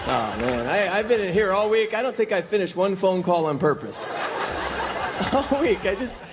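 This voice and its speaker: A man performing a stand-up routine on stage, animated and playful, acting out exaggerated quotes. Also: sits high, normal speed, background noise. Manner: animated, rhyming bits, acts out exaggerated quotes. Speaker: stand-up comedian. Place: club stage before a packed live audience. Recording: live club recording with loud crowd laughter.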